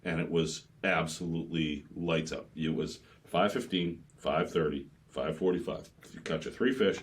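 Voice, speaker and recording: A man, a charter boat captain and podcast guest, spinning lively fishing stories and acting out the voices in them. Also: rumbling low, moderate pace. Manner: lively storyteller, acts out voices, swears. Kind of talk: casual chat.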